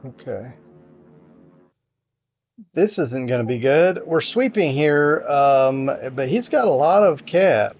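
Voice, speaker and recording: A man's voice: fairly high pitch, lively intonation, takes it slowly, pauses often, muffled recording, faint music behind. A man casually commentating a strategy game, hesitant and frustrated, with many fillers and restarts. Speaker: gameplay commentator.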